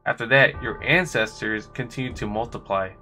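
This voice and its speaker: A man voicing a cold, proud male swordsman villain from a video game, reading his lines slowly and deliberately. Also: mid-range voice, bright, forceful tone, faint music behind, natural voice.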